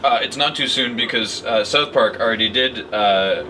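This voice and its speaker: A man chatting casually on a charity stream, rambling and animated, laughing often. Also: mid-range voice, moderate pace, recorded from a distance, background noise. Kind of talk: casual chat.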